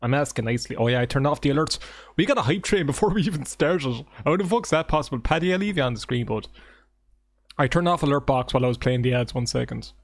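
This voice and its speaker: A man streaming a game live, chatting casually with his viewers in an excitable, joking way and swearing often. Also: medium pitch, fast talker, dry recording. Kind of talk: casual livestream chat with viewers. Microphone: desk microphone.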